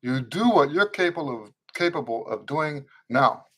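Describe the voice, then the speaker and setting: Man, higher voice, trumpet teacher, live-stream Q&A, earnest, instructive, repeats phrases for emphasis, greets viewers. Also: lively intonation, moderate pace, sharp tone. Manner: reads viewer comments aloud and greets them.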